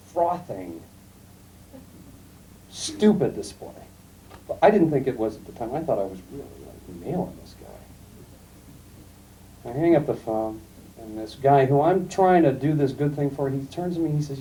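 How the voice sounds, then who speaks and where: A middle-aged man giving a classroom lecture, telling anecdotes in a calm, emphatic storytelling way. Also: medium pitch, normal speed, pauses often. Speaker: guest lecturer. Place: lecture room. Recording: distant mic, faint room noise, archival tape.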